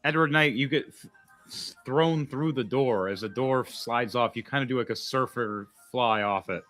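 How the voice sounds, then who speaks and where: A man's voice: mid-range voice, moderate pace, a bit bright, faint music behind. A man acting as game master, giving dramatic narration of a tabletop game with sudden voiced outbursts.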